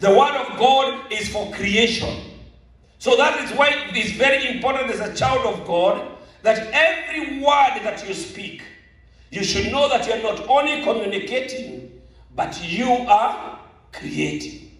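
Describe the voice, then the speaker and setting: A man preaching a sermon as pastor, slow and emphatic, repeating key phrases to a congregation in an auditorium. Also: very high voice, animated, a bit bright. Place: large auditorium. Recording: very echoey hall, mic at a distance.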